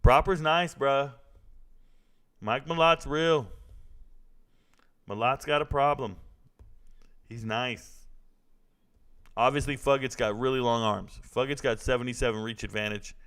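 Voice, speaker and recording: A man casually commenting live on a fight broadcast, reacting excitedly and talking to his chat. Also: mid-range voice, a little slow, pauses often, clear, resonant tone.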